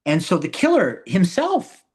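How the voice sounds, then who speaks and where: A man's voice: high-pitched, wildly swooping pitch, unhurried, darkish tone, breathy edge. A man being interviewed about his own filmmaking, talking animatedly and often repeating words and restarting his sentences. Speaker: filmmaker guest. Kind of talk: casual interview talk.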